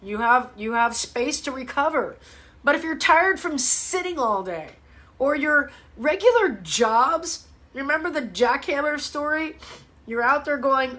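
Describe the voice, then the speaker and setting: A high, bright-toned woman coaching her viewers on a casual live stream. She talks bluntly and with fired-up energy, calls people out and swears freely. Her voice sits high and carries a bright, forceful edge. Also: expressive, unhurried. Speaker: fitness coach hosting a live ask-me-anything show. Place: home, speaking to a live audience online.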